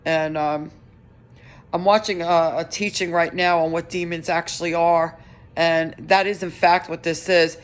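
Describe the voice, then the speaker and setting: A middle-aged woman giving a personal update on her vlog, talking in an earnest, halting way with many restarts. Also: on the low side, fairly even intonation. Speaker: vlogger.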